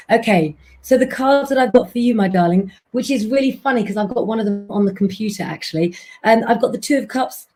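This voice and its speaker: A woman's voice: medium pitch, a little mellow. A woman hosting a live stream as an astrologer and tarot reader, talking chattily to her viewers and calling them "guys".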